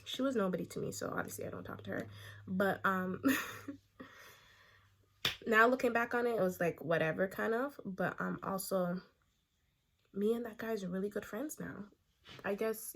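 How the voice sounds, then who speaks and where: A young woman vlogger telling a casual story time while doing her makeup, animated and chatty, acting out the quotes. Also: medium pitch, normal speed, vocal fry, long pauses. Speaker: beauty vlogger.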